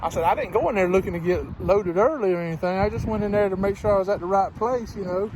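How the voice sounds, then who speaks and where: Chatty high-voiced trucker outdoors in wind. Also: male voice, quick pace. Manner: chatty, laughs often, retells conversations. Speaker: truck driver vlogger. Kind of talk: casual storytelling vlog. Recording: windy outdoor noise. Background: wind and passing traffic.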